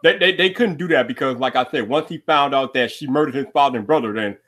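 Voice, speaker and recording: A man's voice: mid-range voice, fast talker, fairly bright tone. A man hosting a live stream, chatting casually with slang and frequent laughs. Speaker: livestream host. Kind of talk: casual chat.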